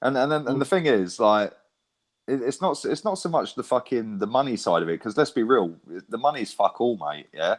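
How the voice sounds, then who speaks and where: A man's voice: mid-range voice, lively intonation, normal speed. A man in casual chat, swearing freely and constantly checking for agreement. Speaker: fan YouTuber guest.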